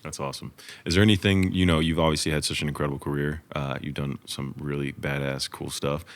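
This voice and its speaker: A male podcast host with a very low, deep voice. He talks quickly and earnestly in a motivational ramble, padding his thoughts with fillers. The talk is casual and conversational. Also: flat delivery.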